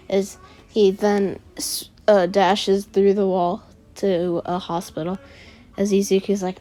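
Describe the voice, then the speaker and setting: A woman narrates a fan story in a loose, rambling way, full of "uh" and "like". Her voice is mellow and relaxed. Faint background music plays under her. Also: mid-range voice, unhurried. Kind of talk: casual retelling of a fan story.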